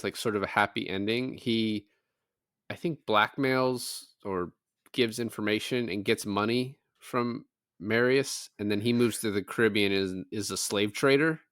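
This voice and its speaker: A man's voice: on the low side, a bit bright, smooth, no echo. Dry-voiced man recapping a movie casually. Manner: recaps plot loosely, jokes and mock-quotes characters. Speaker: podcast co-host. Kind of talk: casual movie review chat.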